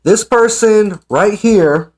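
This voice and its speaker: A man's voice: high voice, slow pace, a little mellow. A man giving casual, sarcastic ranting commentary as an online commentator. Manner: sarcastic, mocking.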